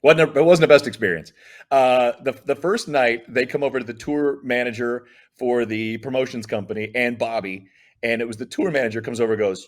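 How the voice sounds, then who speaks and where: A middle-aged man, a comedian appearing as a guest, spins stories in an easygoing interview and acts out the dialogue in voices with lots of animation. He talks a little fast at a medium pitch.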